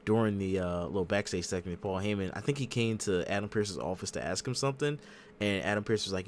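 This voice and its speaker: A man hosting a casual wrestling podcast, telling the story with lively acted-out quotes. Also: fairly low pitch, fast talker, slight background noise. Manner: animated storyteller acting out quotes. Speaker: podcast host. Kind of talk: casual wrestling recap chat.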